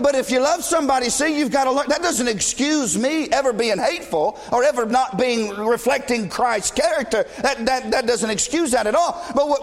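Middle-aged pastor guy, high pitched, preaches loud and blunt with jokes for the congregation, long church echo. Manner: blunt, joking asides to the congregation; shouting, preaching passionately at times. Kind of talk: sermon. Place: church sanctuary. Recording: long reverb of a large church hall.

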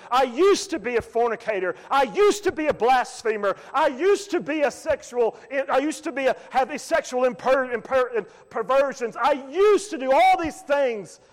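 A man preaching a sermon as pastor, swinging from quiet, low asides to loud, rising calls. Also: big-room sound.

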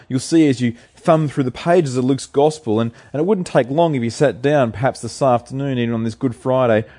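A man's voice: mid-range voice, mellow. A man preaching an earnest, emphatic sermon, asking his listeners rhetorical questions.

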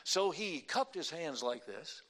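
A male pastor preaching a sermon, telling a folksy story and then preaching slowly and emphatically with deliberate pauses. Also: on the high side, sing-song, pushed and bright. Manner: folksy anecdotal delivery.

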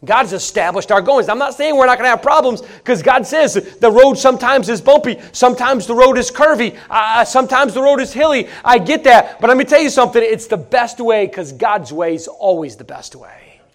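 A man preaching a sermon in an animated, emphatic, folksy way, with repeated phrases and sudden swings between loud and soft. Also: very high-pitched, brisk, hardly any pauses.

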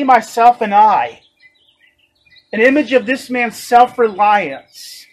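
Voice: medium pitch, poor audio. A preacher delivering a sermon, emphatic and fond of rhetorical questions.

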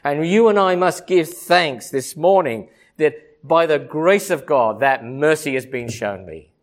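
A man delivering a sermon in a fairly high-pitched voice. He builds rhythmic lists of repeated phrases and swings between quiet, low asides and high, ringing emphasis. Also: lively intonation, a little slow. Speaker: preacher.

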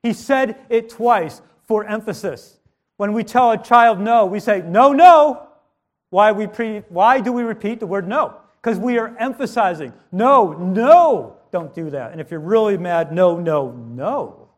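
A man's voice: high-pitched, normal speed. A man preaching a sermon with strong emphasis, rising and dropping his voice, with modest asides.

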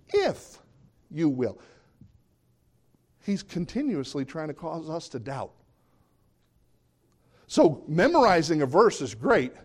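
A pastor preaches animatedly, leaping up into high, emphatic bursts and dropping low for asides.

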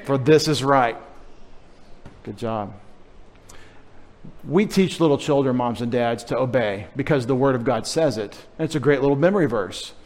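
A middle-aged pastor preaching a sermon, teasing and coaxing the children in the congregation. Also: male voice, medium pitch, moderate pace, pauses often, darkish tone.

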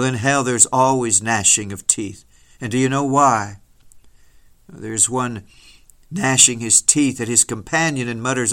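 A man preaching a solemn, dramatic sermon, mostly slow and grave with sudden rises in force. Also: on the low side, a bit bright. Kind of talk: sermon reading.

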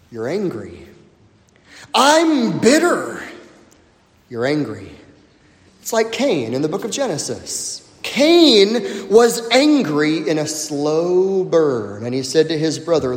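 A man preaches with a high, animated voice that swoops up and down. He takes his time, leaning on words and then dropping to a hush for effect. His voice rings through a large, echoing sanctuary with a long reverb tail. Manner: emphatic preaching with dramatic pauses and sudden drops to near-whisper. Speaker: pastor. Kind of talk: sermon. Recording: echoey hall, long reverb.

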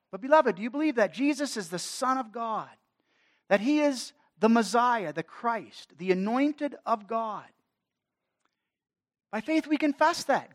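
Male pastor, sermon delivery, dynamic swells and hushed drops. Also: very high-pitched. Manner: dynamic preaching, swelling and dropping in force.

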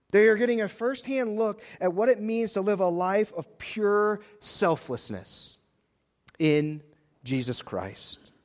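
A male pastor preaching a sermon in an emphatic, repetitive style. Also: very high-pitched.

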